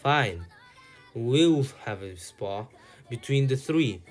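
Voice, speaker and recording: A smug older ninja sage mocks and boasts, as a man reads him aloud. His voice stays mid-pitched and close to the reader's own, with faint music under it. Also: animated, slow pace. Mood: boastful. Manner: mocking, sarcastic.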